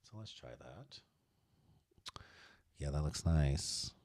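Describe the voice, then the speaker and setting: Sassy, animated man teaching design. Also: a bass voice, slow, no echo. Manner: playful, sassy, talks to viewers as y'all. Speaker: design tutorial host. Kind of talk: live design tutorial.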